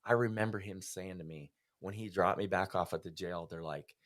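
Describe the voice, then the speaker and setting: Man, very deep voice, podcast guest, earnest personal testimony, heartfelt storytelling. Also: fairly quick.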